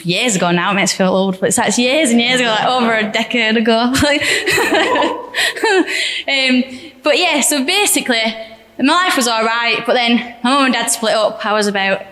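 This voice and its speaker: A woman's voice: on the high side, moderate pace, a bit bright. A young woman giving a candid, chatty personal testimony in church, often laughing. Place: church hall. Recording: echoey church hall reverb.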